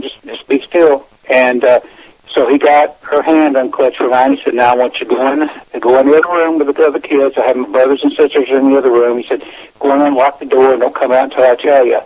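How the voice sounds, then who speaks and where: A man calling into a radio show, telling a personal story in a slow, rambling way, with frequent restarts and repeated words. His voice sits in the middle of the usual male range. It comes through a dull, lo-fi phone line. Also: medium pitch, darkish tone. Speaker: guest telling his experiences.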